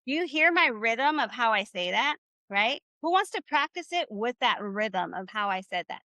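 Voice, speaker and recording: A woman's voice: on the high side, expressive, moderate pace, bright, forceful tone, no room sound, muffled recording. A woman teaching Spanish in a live online class, upbeat and encouraging, often checking in with "right?". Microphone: video call.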